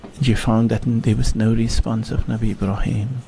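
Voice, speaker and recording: A man, a sheikh and guest speaker, telling a religious story in a slow, halting way with many restarts. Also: lowish voice, level tone, vocal fry, warm tone, slight background noise. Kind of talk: storytelling sermon.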